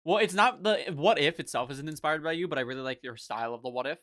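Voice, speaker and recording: A man's voice: fairly high pitch, fast talker, fairly bright tone. A young man hosting a livestream, chatting casually in a laid-back way and swearing now and then. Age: young adult. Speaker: livestream host. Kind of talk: casual chat.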